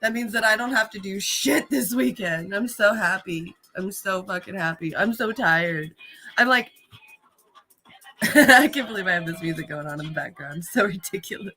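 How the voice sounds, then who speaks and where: A woman's voice: mid-range voice, normal speed, sharp tone, breathy edge. A woman chatting casually on a live stream, laughing often and swearing freely.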